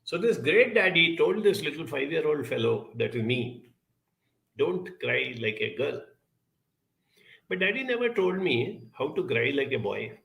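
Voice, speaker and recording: A man with a gravelly, bright voice talks earnestly as a program guest. He tells a childhood story and poses rhetorical questions in a reflective way. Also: on the high side, very animated, normal speed, hardly any pauses. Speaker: guest speaker.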